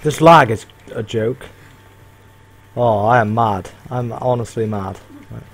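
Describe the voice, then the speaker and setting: A young man who hosts a gaming channel talks at a slow pace in a medium-pitched voice. He gives live commentary while playing an online shooter, frustrated and ranting and swearing at the lag.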